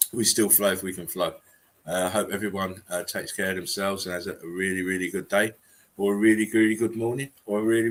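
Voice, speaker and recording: Low-voiced man, rambling chat. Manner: rambling, many fillers and restarts. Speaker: stream co-host. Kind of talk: casual livestream chat.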